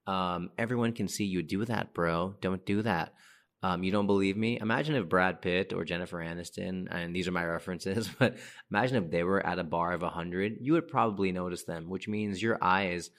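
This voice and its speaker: A man's voice: low-pitched, fairly quick, fairly bright tone. A man hosting a podcast, giving blunt, chatty dating advice and calling listeners dude and bro. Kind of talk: casual advice monologue.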